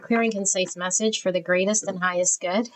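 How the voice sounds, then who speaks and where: This tarot reader, a middle-aged woman, moves through her deck a little fast, raving about each card and becoming emotional. Her medium-pitched voice has fairly even intonation, and the audio is poor.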